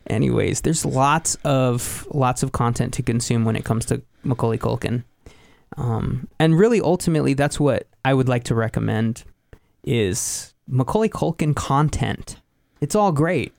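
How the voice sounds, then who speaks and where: A man co-hosting a podcast, teasing his friends in a playful, deadpan way and laughing often. He sounds close and dry, with no room around him. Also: medium pitch, moderate pace, vocal fry, no room sound. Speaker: podcast co-host. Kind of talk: casual joking chat.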